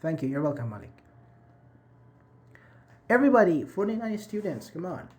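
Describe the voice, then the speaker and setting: A man's voice: fairly high pitch, sing-song, normal speed, a little mellow. A man teaching a live online English grammar class over a video call, encouraging his students and repeating and rephrasing each point.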